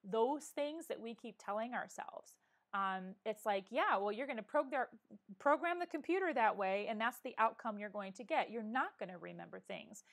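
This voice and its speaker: A woman's voice: on the high side, animated, moderate pace, vocal fry. Earnest middle-aged woman encouraging viewers. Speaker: live-stream vlogger. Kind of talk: casual live chat with viewers.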